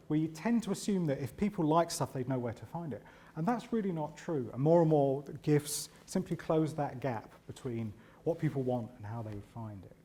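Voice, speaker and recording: A man giving a conference talk, chatty and animated, with self-deprecating humour and frequent asides of "right?". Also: fairly high pitch. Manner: animated and chatty, often tags lines with "right?". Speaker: conference speaker.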